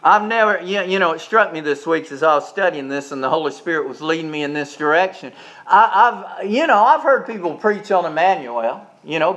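A man with a notably high voice delivers a sermon as pastor. He hammers his points home through repetition and rising emphasis, and now and then drops to a soft, quick aside. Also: muffled recording.

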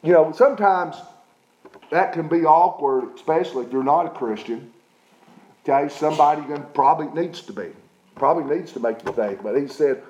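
A man's voice: fairly high pitch, brisk, a little mellow, reverberant, a little hiss or hum, poor audio. A middle-aged man preaching a sermon as pastor, emphatic, often checking in with his listeners. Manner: emphatic preaching with repeated "okay?" check-ins.

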